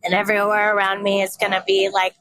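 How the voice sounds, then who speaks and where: A woman's voice: medium pitch, completely flat delivery, fast talker, crowd noise, poor audio. A woman in her thirties talking candidly and rambling in a casual personal vlog, swearing freely and poking fun at herself. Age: 30s. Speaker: vlogger.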